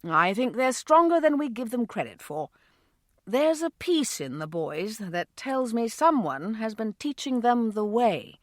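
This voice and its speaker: A woman voicing a steady, kind husband and father who speaks calmly and reassuringly. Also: fairly high pitch, unhurried, no room sound, studio quality.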